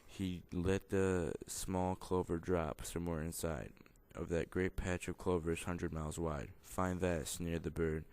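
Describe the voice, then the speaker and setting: Low, flat-voiced man reading a storybook. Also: measured pace, hardly any pauses. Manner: plain, mostly unvoiced reading with small stumbles and self-corrections. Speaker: student reader. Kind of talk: reading a picture book aloud.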